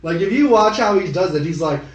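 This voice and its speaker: A young man co-hosting a podcast, rambling and swearing through casual chat and breaking into quick impressions of other people. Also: sits high, expressive, far from the mic. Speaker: podcast co-host. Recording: echoey room, off-mic.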